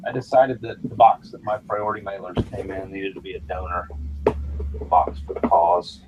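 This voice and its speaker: A man's voice: deep voice, dull audio, heavy background noise. A man chatting casually on a video call about packing up his mail. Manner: relaxed, a bit rushed with chores. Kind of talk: casual chat. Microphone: online video call.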